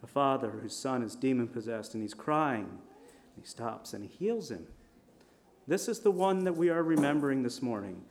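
A man's voice: medium pitch, normal speed, slight background noise. Conversational male preacher telling stories. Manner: conversational storytelling, lively shifts in volume. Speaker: pastor. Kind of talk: sermon.

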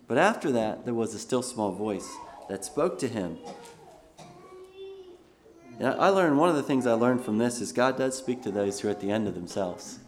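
A man's voice: medium pitch, expressive, normal speed, a little mellow. A male pastor giving a sermon, reading scripture aloud and then explaining it in a conversational way.

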